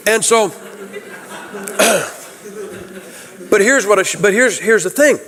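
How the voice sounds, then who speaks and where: A man's voice: high voice, extremely slow, fairly bright tone. Folksy preacher man in a reverberant church. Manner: folksy, conversational, asks the audience questions. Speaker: Baptist preacher. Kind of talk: sermon. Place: church sanctuary.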